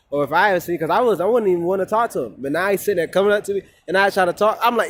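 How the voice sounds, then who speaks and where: A man's voice: sits high, racing, few pauses, fairly bright tone. Rambling, profane man ranting outdoors. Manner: rambling, profane, repeats himself. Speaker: vlogger. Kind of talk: casual rant to camera.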